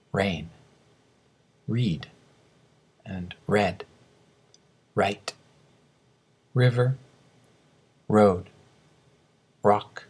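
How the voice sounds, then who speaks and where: A man teaching English pronunciation, reading slow word drills and explaining sounds. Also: lowish voice, breathy edge. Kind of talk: scripted lesson narration.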